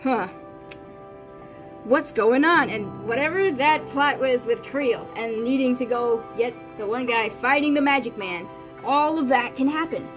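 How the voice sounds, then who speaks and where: Rambling woman streamer chatting casually. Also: a little high. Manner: rambling, full of fillers and restarts, quick quoted voices. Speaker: artist streamer. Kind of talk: casual livestream chat.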